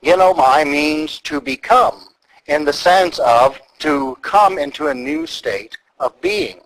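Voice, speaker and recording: A man preaching an expository sermon, deliberate and emphatic as he walks through the text. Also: on the high side, sing-song, creaky, fairly bright tone, slight background noise, rough recording. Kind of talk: sermon teaching.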